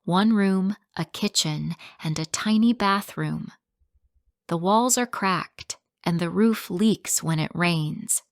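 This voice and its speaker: A woman tells a first-person story for English learners, in a low voice and at a very slow, careful pace. Her sentences are short and clearly spoken. The recording is dry and close, with no room sound. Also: no echo.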